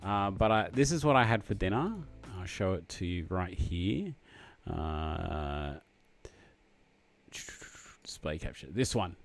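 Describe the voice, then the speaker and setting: A man with an Australian accent chatting casually on a live stream, excitable and full of fillers. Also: low-pitched, slow pace, vocal fry, long pauses.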